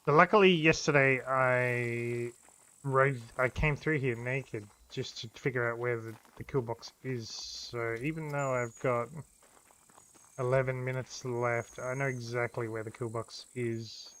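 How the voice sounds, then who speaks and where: A man's voice: medium pitch, steady tone, unhurried, a bit bright. A man streaming a survival game, swearing freely and talking himself through the play. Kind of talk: live gameplay commentary. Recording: faint background noise.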